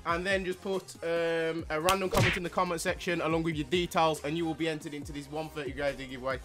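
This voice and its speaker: Hyped young gaming host. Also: male voice, a little high, fairly even intonation, fast talker, over loud music. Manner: hyped, rambling, slangy. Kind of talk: casual video intro.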